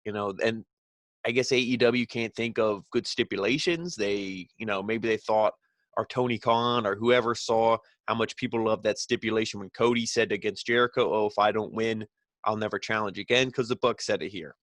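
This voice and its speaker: A man talks through a wrestling recap in a slightly low voice, loose and rambling, full of fillers. He is blunt and opinionated. The sound is dry and close, with no room around it. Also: steady tone, normal speed, fairly bright tone, no room sound. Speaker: wrestling show reviewer. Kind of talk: casual recap commentary.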